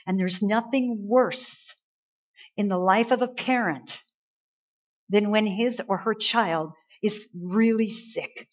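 A woman pastor delivering a sermon, building to emphatic peaks and dropping to soft, earnest tones. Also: medium pitch, slow pace. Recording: dull lo-fi church recording.

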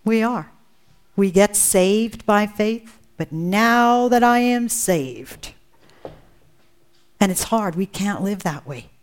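A woman's voice: medium pitch, lively intonation, slow pace, smooth. A woman preaching a sermon, earnest and emphatic, often asking rhetorical questions.

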